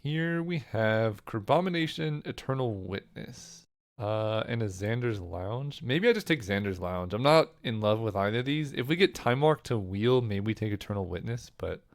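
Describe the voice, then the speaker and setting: A man with a hoarse, fading voice giving casual, rambling commentary as he weighs options aloud. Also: on the low side, expressive, moderate pace. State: hoarse, losing his voice. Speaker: card game content creator.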